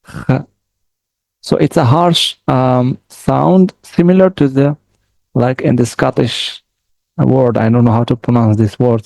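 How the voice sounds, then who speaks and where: A man gives a patient language lesson, speaking slowly and repeating each word for the listener. His voice is mellow and gravelly with a rough edge. The recording is close and dry, with no room sound. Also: mid-range voice, no room sound, poor audio. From Morocco. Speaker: language teacher.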